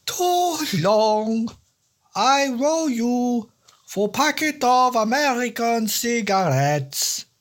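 A man putting on a blunt Norwegian boatman who talks in broken English, with a put-on Norwegian accent. The voice sits high and swoops up and down. He speaks in slow, terse phrases. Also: sing-song, fairly bright tone, exaggerated voice. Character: gruff Norwegian villager and boatman, blunt, plainspoken.

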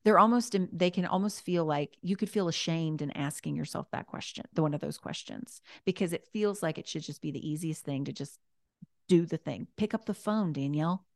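A woman, a guest author, chatting casually and warmly, repeating her key points as she gives encouraging advice. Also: low-pitched, a little fast, vocal fry, no echo, studio quality.

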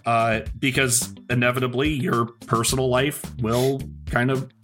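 Reflective halting young podcast host. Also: male voice, medium pitch, little pitch movement, a bit bright, soft background music. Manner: reflective, halting, restarts often. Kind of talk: casual chat.

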